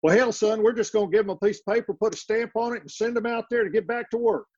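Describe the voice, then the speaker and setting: A man voicing a gruff older male Texas state official with an East Texas accent and a folksy drawl. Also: high voice, steady tone, fast talker, darkish tone, muffled recording, voice pushed up.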